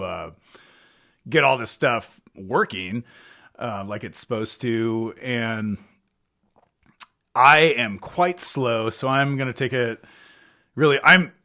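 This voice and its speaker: Hungover young man, bright voice, loose rambling podcast chat, self-mocking. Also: mid-range voice. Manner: loose, self-deprecating, lots of fillers. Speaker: podcast host. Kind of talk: casual rambling chat to camera.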